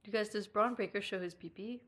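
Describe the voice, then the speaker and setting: A young Irish woman hosting a live stream, chatting casually with viewers and reading their comments, giggling often, swearing freely and squealing when she gets excited. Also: medium pitch, a little fast. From Ireland.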